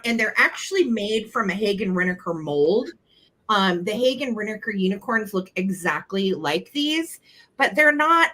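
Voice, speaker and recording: Bright-voiced woman hosting a live sale. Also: medium pitch, poor audio. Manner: chatty, playful, describes items. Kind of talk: casual live sale chat.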